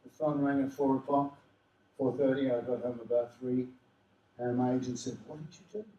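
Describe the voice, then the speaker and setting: An older man with an Australian accent, telling lively anecdotes to a convention audience and slipping into the voices of people he mentions. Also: mid-range voice, moderate pace, muffled recording. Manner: animated, does voices of people in his stories. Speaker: convention panel guest. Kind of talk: storytelling anecdotes to a live audience. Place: convention hall. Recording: roomy hall, mic at a distance.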